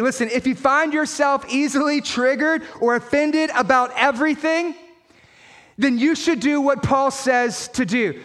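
A man preaching a sermon as pastor, emphatic and rising to shouts at key points, with quick mimicking asides. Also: very high-pitched, big-room sound.

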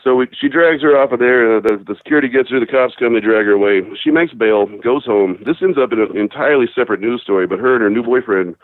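A man's voice: medium pitch, fast talker, hardly any pauses, no room sound. A man calling in to a talk show, telling rambling, profane stories in casual chat. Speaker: phone-in caller. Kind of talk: casual storytelling. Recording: tinny phone line.

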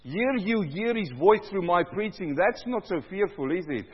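High-voiced man, booming pastor preaching a sermon, long hall reverb. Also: lively intonation, normal speed, husky, dull audio. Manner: loud, booming preaching that swells in volume.

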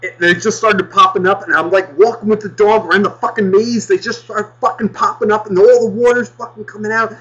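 A man's voice: sits high, steady tone, fairly quick, hardly any pauses, a bit bright, lo-fi sound. A man telling a rambling story in casual chat, swearing constantly as he goes.

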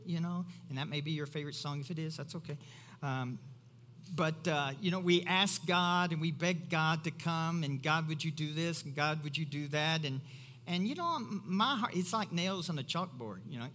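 Kentucky preacher guy, bright edgy voice a bit high, goes from soft asides to shouting, big echoey church. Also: normal speed. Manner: swings from quiet asides to loud, high-pitched exclamations. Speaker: pastor. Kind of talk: sermon.

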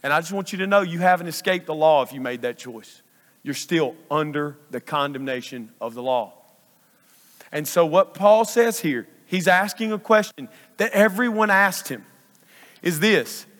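Expressive and slightly high, a bit bright, this pastor speaks at normal speed as he delivers a sermon. He stresses his points emphatically by repeating phrases, his voice ringing with the long reverb of a big church hall.

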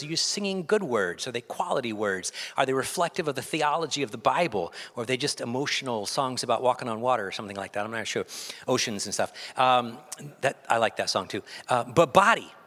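A man preaching a sermon from a church sanctuary, animated and joking as he leads the congregation in call-and-response. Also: medium pitch. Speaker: pastor. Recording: long hall reverb.

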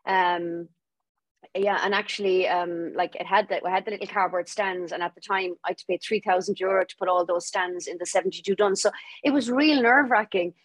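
A young adult Irish woman telling her story as a podcast guest, lively and laughing as she acts out what people said. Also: fairly low pitch, fairly quick, dry recording. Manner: lively, laughing storyteller acting out quoted voices. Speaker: guest author. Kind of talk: storytelling interview.

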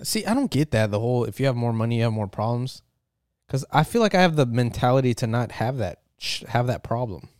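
Male vlogger, mid-pitched, smooth tone, dry close sound; casual profane rambling, joking. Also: big pitch swings, brisk, a little mellow, no echo. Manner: profane, joking, full of fillers.

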